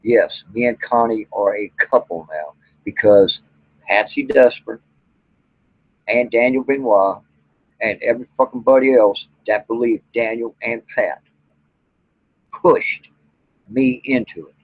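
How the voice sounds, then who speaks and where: A man's voice: mid-range voice, measured pace, husky, no echo. A man, a vlogger and Bigfoot researcher, ranting bluntly and angrily to camera with plenty of profanity. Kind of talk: angry rant to camera. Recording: tinny phone-like audio.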